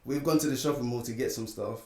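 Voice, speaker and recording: A man's voice: mid-range voice, quick pace. A man casually telling a personal story on a podcast, acting out what people said. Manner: animated, acts out quoted lines. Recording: echoey room, distant mic.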